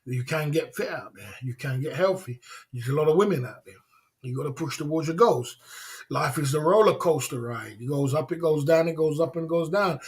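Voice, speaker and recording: A man talks straight into his livestream, his voice sitting a touch higher than most men's. He lectures bluntly, hammering the same points over and over with street slang. Short laughs slip out between his lines. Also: moderate pace, a little mellow. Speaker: livestream host. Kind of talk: motivational livestream rant. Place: indoors in Thailand.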